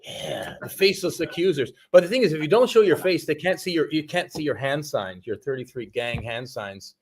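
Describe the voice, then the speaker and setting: A man's voice: on the high side, expressive, fairly quick. A man joining a live stream as a guest, chatting casually and laughing along.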